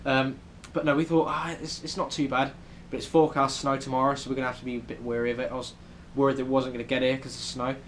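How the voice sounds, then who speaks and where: A man's voice: mid-range voice, flat delivery, fast, few pauses, a little hiss or hum. A young man with a British accent, chatting casually in a travel vlog with lots of ums. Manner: chatty, many ums, rambling. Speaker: vlogger. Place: hotel room in New York City.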